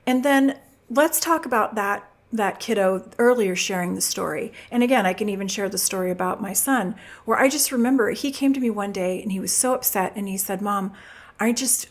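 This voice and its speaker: A middle-aged woman hosting a podcast, giving relationship advice and acting out quoted voices as she tells stories. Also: medium pitch. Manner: animated storytelling, acts out quoted voices. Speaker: podcast host.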